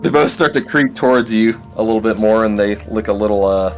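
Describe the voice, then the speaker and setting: Deep-voiced man running a tabletop game. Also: a little fast, muffled recording, soft background music. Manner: laid-back, laughs often, fillers like "like" and "uh". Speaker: game master. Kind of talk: narrating a tabletop game, casual.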